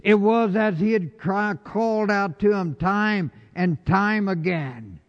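A male preacher delivers a slow, deliberate sermon, his voice sitting a little high for a man. His words swing between ringing calls and hushed, low lines. The sound is dull and lo-fi, with a long reverb trailing off the walls of a big hall.

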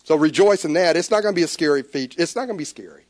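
A man preaching a sermon, animated, with stammered restarts. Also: on the high side, racing, dry recording, clean studio sound. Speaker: pastor.

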